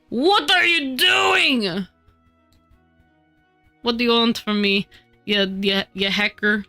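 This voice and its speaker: A woman streaming while she models in 3D, scolding her software in exasperated outbursts, her nose stuffy from a cold. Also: mid-range voice, clear, resonant tone. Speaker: VTuber streamer. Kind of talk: casual live-stream chatter while 3D modeling.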